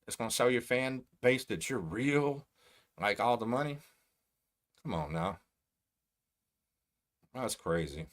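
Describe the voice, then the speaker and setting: A middle-aged man from Texas with a Texan accent, hosting a casual livestream and talking slowly, bluntly and streetwise. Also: mid-range voice, lively intonation. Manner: slow, blunt, streetwise talk. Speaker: host.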